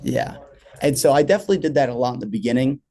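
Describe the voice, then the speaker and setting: A man's voice: medium pitch, sing-song, rapid-fire, vocal fry, warm tone. A man talking as a podcast guest about selling insurance in a laid-back, easygoing casual chat.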